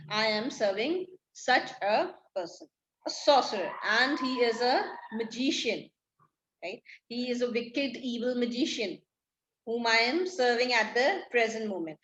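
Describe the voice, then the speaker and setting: A woman's voice: a little high, lively intonation, a little slow, a bit bright. A woman teacher explaining a play line by line, paraphrasing each line and asking and answering her own questions. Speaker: English literature teacher. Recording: echoey room.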